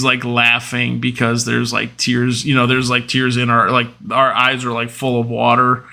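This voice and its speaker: A man's voice: medium pitch, gravelly, pushed and bright. A man in his thirties hosting a podcast, telling personal stories in a rambling, openly emotional way, with lots of fillers and restarts. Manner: open and emotional. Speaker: podcast host. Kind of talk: casual personal monologue.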